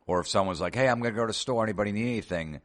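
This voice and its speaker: A man's voice: lowish voice, racing, lightly acted. A man voicing a dim, eager man who stumbles earnestly over his words and is proud of his catchphrase.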